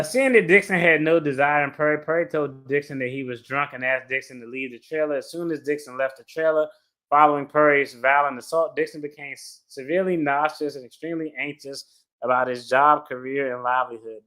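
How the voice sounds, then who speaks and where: A man's voice: on the high side, a little fast, pushed and bright. A man giving casual reaction commentary as he reads a legal complaint aloud, blunt and profane, with slangy asides. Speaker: attorney reacting to a lawsuit.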